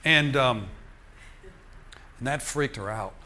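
An older man preaching in church tells the congregation his personal testimony, animated and conversational, chuckling as he goes. He speaks slowly in a mid-pitched voice.

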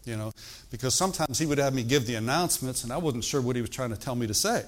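A man's voice: mid-range voice, fast talker. An older man, a pastor, teaching a sermon in an easygoing, talky way and often checking in with the congregation. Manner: conversational preaching with frequent call-and-response asides.

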